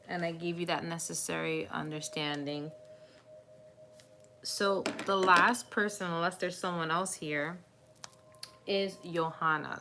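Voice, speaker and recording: A woman's voice: lowish voice, sharp tone, a little hiss or hum. Chatty woman giving a tarot reading. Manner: chatty and reassuring, laughs often, many fillers. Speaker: tarot reader. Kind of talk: live tarot reading, casual chat.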